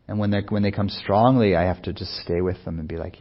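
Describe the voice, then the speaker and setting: Low gravelly man giving a meditation talk. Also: fairly even intonation, muffled recording. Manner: soft-spoken, unhurried, musing with many pauses. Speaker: meditation teacher. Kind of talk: reflective dharma talk.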